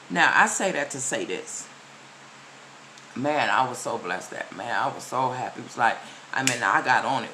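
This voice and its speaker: A woman vlogger with a bass voice talks directly to the camera in animated, casual commentary at a moderate pace. Sharp-toned and emphatic, she lectures her viewers and repeats key phrases, and the low-quality audio has slight background noise.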